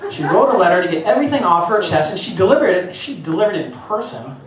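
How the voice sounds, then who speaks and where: A man's voice: high voice, big pitch swings, fast, crowd noise. A middle-aged man doing a stand-up routine on stage, telling self-mocking stories and swearing freely. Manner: profane, self-mocking storytelling. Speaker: stand-up comedian. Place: stage before a live audience. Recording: echoey venue, voice heard from a distance, loud ambience.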